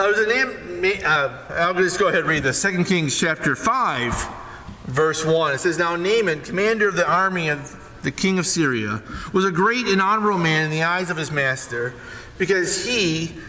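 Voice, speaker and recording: A man preaching a sermon and retelling a Bible story with animated storytelling, acting out the characters. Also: on the high side, normal speed, in a large hall. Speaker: pastor.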